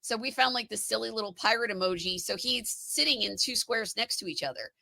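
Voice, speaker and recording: A woman's voice: on the high side, expressive, a little fast, vocal fry, sharp tone. A woman co-hosting a live stream, chatting casually, laughing often and telling stories with energy. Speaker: co-host of a live stream show. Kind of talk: casual chat.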